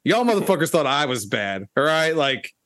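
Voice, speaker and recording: A man's voice: fairly high pitch, sing-song, a bit bright. Host type, a man chiming in with blunt, profane asides and questions. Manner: profane, quick interjections and questions. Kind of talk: casual chat.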